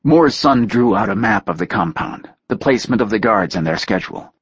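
A man reading a story aloud in a steady, measured narration. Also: lowish voice, slightly rough, dry recording, dull audio. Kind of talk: audiobook narration.

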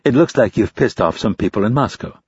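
A composed young female intelligence officer, as a male narrator puts her on. She speaks coolly and precisely, with a low, husky tone. The recording is dull and dry. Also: expressive, brisk, no echo. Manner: cool, probing, businesslike.

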